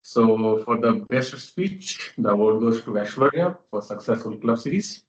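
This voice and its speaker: A man with an expressive, medium-pitched voice runs an online club meeting at normal speed, plainly and matter-of-factly announcing results in casual talk. The call audio is roomy, distant and lo-fi.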